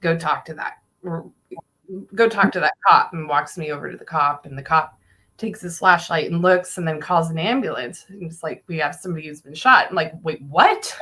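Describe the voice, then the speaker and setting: A woman casually telling a story on a podcast, animated, swearing and laughing as she goes. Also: low voice, normal speed, slight background noise.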